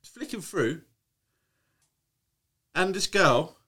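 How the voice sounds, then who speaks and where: A man's voice: high voice, sing-song, very slow, pushed and bright, breathy edge. A man chatting on a podcast, rambling through a story with lots of restarts and swearing. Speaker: podcast co-host. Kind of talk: casual chat.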